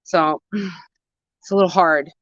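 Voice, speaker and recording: In an outdoor home garden, a gardening vlogger with a new voice answers viewer questions while walking with a handheld phone camera, speaking slowly with a medium, fairly even, slightly bright voice. The casual chat rambles with slang and half-finished thoughts that get corrected, recorded close and dry, dull and lo-fi, with no echo.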